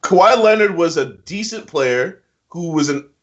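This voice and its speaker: A man's voice: lively intonation, normal speed. A man co-hosting casual basketball chat, giving emphatic, slangy opinions. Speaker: NBA picks co-host. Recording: muffled low-fidelity audio.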